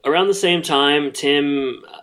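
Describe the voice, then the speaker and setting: A man co-hosting a podcast, casually recapping a sitcom episode with plenty of fillers and pauses. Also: a little high. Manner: relaxed, hesitant with many fillers. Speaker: podcast co-host.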